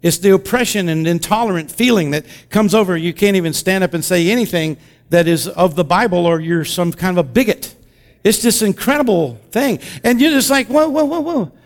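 A man preaching a sermon, swinging between loud, fervent exclamations and hushed, intimate passages as he reads and explains scripture. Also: sits high, fairly quick, in a large hall. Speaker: pastor.

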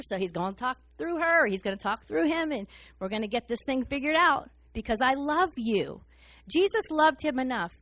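A woman preaching a sermon in a fast, excited, humorous way. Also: high voice, no echo.

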